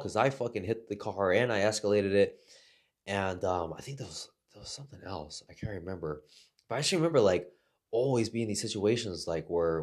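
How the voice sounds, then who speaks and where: Low-voiced swearing man telling stories. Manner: rambling, heavy swearing, laughs through his stories. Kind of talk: casual storytelling.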